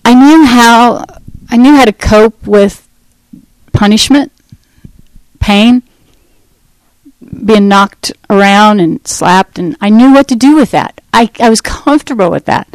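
A woman's voice: fairly high pitch, takes it slowly, pauses often, dry recording, poor audio. A woman giving a personal faith testimony, telling her story candidly and with feeling. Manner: candid, emotional storytelling with frequent laughs. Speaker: testimony speaker.

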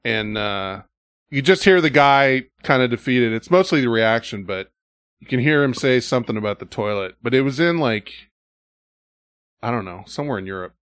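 A man hosts a podcast and tells stories loosely, with plenty of swearing. His pitch leaps around constantly as he acts out other people's lines. The sound is close and dry, with no room echo. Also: animated, moderate pace, a bit bright, clean tone. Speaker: podcast host. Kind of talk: casual storytelling chat.

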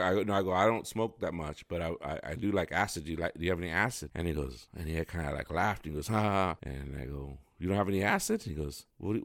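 A man's voice: deep voice, no echo, studio quality. A man hosting a podcast, telling a rambling casual story and acting out the voices of people in it. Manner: rambling, acts out quoted dialogue with voices. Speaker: podcast host. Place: home studio.

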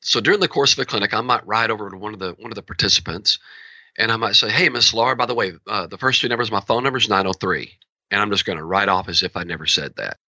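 A man working as a horse trainer, explaining his training methods in an animated, storytelling way and acting out quoted dialogue. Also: on the low side, fast talker, dry recording, dull audio.

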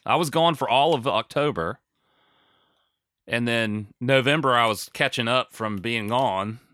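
Medium in pitch and measured in pace, this man's voice sounds bright and forceful. He's an American co-host on a podcast, chatting loosely and rambling with self-deprecating humor and lots of fillers.

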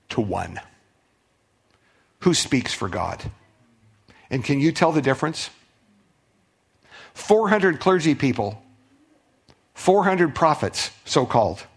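A middle-aged male pastor preaching a sermon, telling a story with conversational restarts, swinging from loud outbursts to hushed asides. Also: mid-range voice, slightly rough. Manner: conversational, repeats words and restarts.

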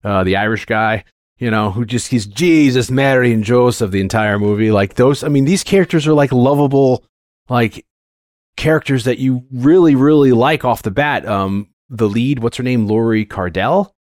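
A man in his forties talking casually about a film, rambling and animated with plenty of fillers and restarts. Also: medium pitch, moderate pace, dry recording, studio quality. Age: 40s.

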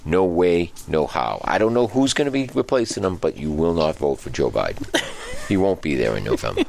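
A man's voice: rumbling low, big pitch swings, fairly quick, gravelly, a little mellow, a little hiss or hum. A man co-hosting a casual talk show, speaking in an opinionated, emphatic way and often repeating his points. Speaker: co-host. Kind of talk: casual political chat and joke telling.

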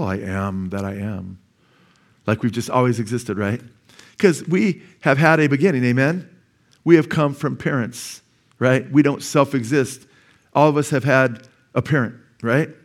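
A man, a pastor, preaching a conversational sermon and often checking in with the congregation. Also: mid-range voice. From United States. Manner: conversational preaching, asks the congregation "right?" and "amen?".

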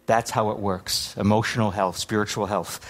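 A man's voice: lowish voice, steady tone, moderate pace. A man preaching a sermon as pastor, teaching with many restarts and repeated words. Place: congregation hall with overhead projector.

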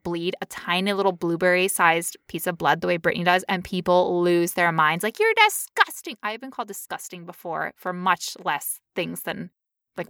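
A young woman telling a long story in casual chat, animated and acting out quotes in high voices. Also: no echo, studio quality.

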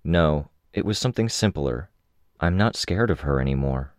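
A man reading a novel aloud in the first person, with measured, even storytelling. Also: very deep voice, dry recording, studio quality. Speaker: audiobook narrator.

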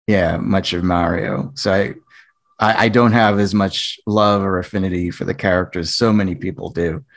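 A man co-hosting a casual panel chat, relaxed and rambling with many fillers. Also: sits low, normal speed. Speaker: podcast co-host.

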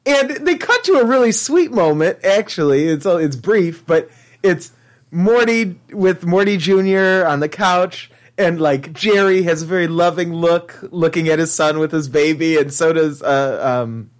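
Brief: laid-back male co-host, slightly high voice, laughs easily. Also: unhurried. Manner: easygoing, laughs often. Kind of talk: casual chat recapping a cartoon episode.

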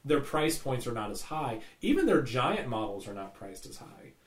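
A man's voice: medium pitch, sing-song, moderate pace, roomy sound. A man hosting a casual hobby podcast, rambling and chatty, swearing as he rants. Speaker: podcast host. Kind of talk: casual chat.

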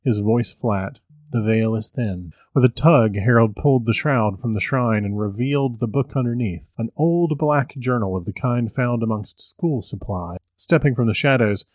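A man who hosts a podcast, reading a story aloud in an even, measured way. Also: mid-range voice, no echo.

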